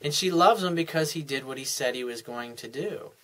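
A man's voice: mid-range voice, brisk, fairly bright tone. A man giving relationship advice in an unscripted monologue, earnest and frank, explaining things step by step in casual, plain language.

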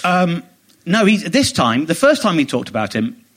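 A man, a comedian guest on a chat podcast, telling an animated, indignant story and mimicking other people as he goes. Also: on the high side, moderate pace, slight background noise. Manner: animated, indignant, quotes others in mock voices.

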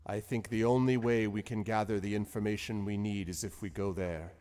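A man voicing a gruff old male giant warrior who speaks in a dry, wry, low-key way. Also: fairly even intonation, a little fast, mellow, long reverb tail, lightly acted. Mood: grave.

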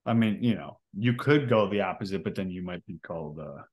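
A man's voice: low voice, animated, brisk, breathy edge. A man co-hosting a casual podcast, reading trivia questions aloud and hesitating often with fillers. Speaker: podcast co-host.

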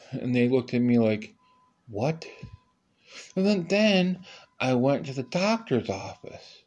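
A man hosting a podcast, telling a rambling comedic monologue with sudden high-pitched outbursts. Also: expressive, slow pace, pauses often, a little mellow, dull audio. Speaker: podcast host.

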